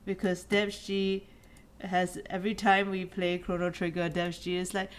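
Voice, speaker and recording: A woman's voice: medium pitch, moderate pace. A woman co-hosting a let's play stream, chatting and reading the game's narration aloud in an easy, slightly tired way. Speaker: streamer co-host.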